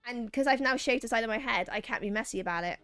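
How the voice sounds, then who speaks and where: A game streamer with a high, bright voice talks fast and smoothly with her live chat, reading their messages out loud and playfully teasing back. The audio is dry and close with no room sound, and soft game music plays behind her.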